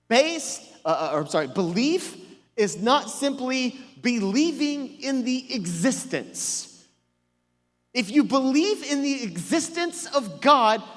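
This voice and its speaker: A man's voice: high-pitched, in a large hall. A male pastor preaching a sermon with emphatic call-and-response questions and joking asides, sounding a little sick. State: sick, voice strained. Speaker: senior pastor. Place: church auditorium stage.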